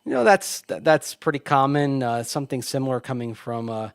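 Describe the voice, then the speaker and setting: A man's voice: mid-range voice, animated, brisk, gravelly, no room sound, clean studio sound. A man co-hosting a sports radio show, chatting casually, laughing often and restarting his sentences. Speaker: sports radio co-host and team reporter.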